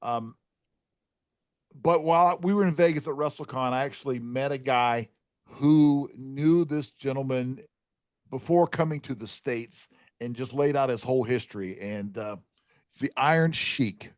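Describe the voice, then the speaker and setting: A man's voice: mid-range voice, unhurried, no room sound. A man co-hosts a podcast in casual chat, talking with eager, hype-filled energy. His voice sits in a middle register. The recording is close and dry. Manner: enthusiastic hype talk. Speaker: podcast co-host.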